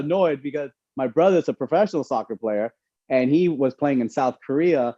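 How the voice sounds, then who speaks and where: Warm-voiced chatty young doctor. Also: male voice, mid-range voice, normal speed, no echo, highs cut off. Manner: animated, chatty, lots of fillers. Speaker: incoming resident physician giving a talk. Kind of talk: casual storytelling talk.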